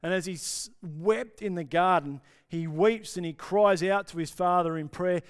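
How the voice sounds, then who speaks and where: A male pastor preaching a sermon with passion, dropping to soft pauses for emphasis. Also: sits high, clear, resonant tone. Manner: impassioned, with dramatic pauses and drops to near-whisper.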